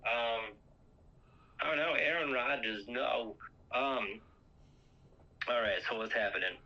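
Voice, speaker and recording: Bright-toned man rambling through a movie recap. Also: mid-range voice, takes it slowly. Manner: rambling, fills with um and uh. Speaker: podcast host. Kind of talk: casual movie recap chat. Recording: lo-fi muffled sound.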